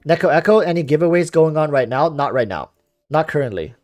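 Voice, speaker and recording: This young man has a calm, relaxing voice that still bounces up and down in pitch as he rambles. He reads out and answers viewer comments on a casual game stream. The sound is close and dry, with faint music underneath. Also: brisk, no echo. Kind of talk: casual livestream chat.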